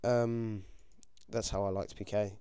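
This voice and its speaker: A British teenage boy giving casual, excitable commentary over his own game, swearing often and yelping when things go wrong. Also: on the low side, unhurried, a little hiss or hum. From United Kingdom. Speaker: gaming commentator.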